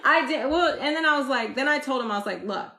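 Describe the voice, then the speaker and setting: Loud, chatty woman streaming live. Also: high voice, fast. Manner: loud, chatty, laughs often while telling stories. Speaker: astrology livestream host. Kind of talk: casual live-stream chat. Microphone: phone. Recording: roomy echo.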